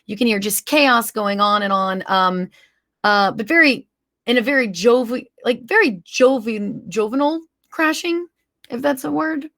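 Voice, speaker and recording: A woman's voice: on the high side, measured pace, a bit bright. A woman game master narrating a tabletop game, rambling and searching for words as she goes.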